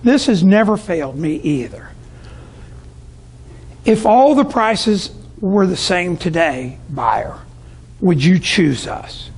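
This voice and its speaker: Speaking slowly with frequent pauses, a husky, high-voiced business speaker from Tampa, Florida tells sales stories to a live audience. His delivery is sing-song and a little mellow, and he acts out his customers' voices.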